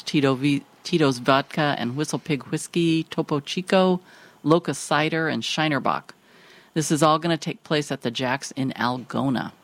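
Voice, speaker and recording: A woman's voice: sits low, no echo. A woman co-hosting a casual chat, reading event listings and teasing her partner, laughing easily. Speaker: co-host.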